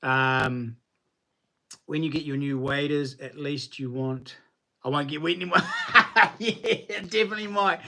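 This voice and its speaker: A relaxed New Zealand man chats on a livestream, answering viewers in loose, colloquial talk. His voice sits at a middling pitch, and the delivery is easygoing and full of fillers. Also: a little slow, long pauses. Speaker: knife maker hosting a livestream.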